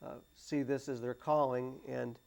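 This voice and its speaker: Halting man chatting about a film. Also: medium pitch, flat delivery, vocal fry. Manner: halting, many restarts and fillers. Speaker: panelist on a movie discussion show. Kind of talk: casual chat about a film. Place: cable TV studio.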